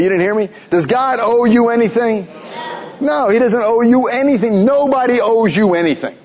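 A man's voice: high-pitched, a little mellow, dull audio. A man preaching a sermon as pastor, pressing his listeners with rhetorical questions and emphatic repeats.

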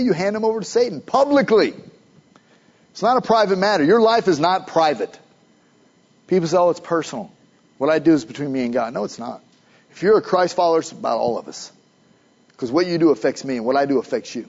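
A pastor preaching a sermon, emphatic, building to urgent questions. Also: male voice, high voice, darkish tone, husky, highs cut off.

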